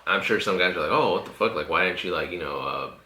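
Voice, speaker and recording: A man's voice: low-pitched, animated, quick pace, pushed and bright, roomy sound, slight background noise. A man hosting a podcast, telling stories in a laid-back, profane way with lots of fillers. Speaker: podcast host. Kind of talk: casual podcast chat.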